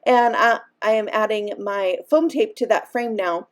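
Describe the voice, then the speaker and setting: A woman's voice: medium pitch, a little slow. Chatty woman hosting a craft tutorial. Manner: chatty, upbeat, explains each step while working. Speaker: card-making channel host.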